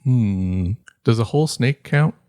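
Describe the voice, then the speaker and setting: In a relaxed podcast conversation, this male co-host rambles with frequent fillers and restarts. His mid-range voice is animated yet unhurried, with a darkish tone, and the clean studio audio carries no room sound.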